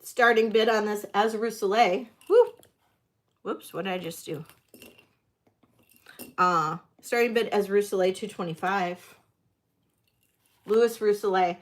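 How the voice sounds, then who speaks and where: A woman hosting a livestreamed vintage jewelry auction, chatting to viewers and gushing excitedly over the pieces. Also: mid-range voice, unhurried, pauses often. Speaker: host of a live jewelry sale. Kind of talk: live auction chat.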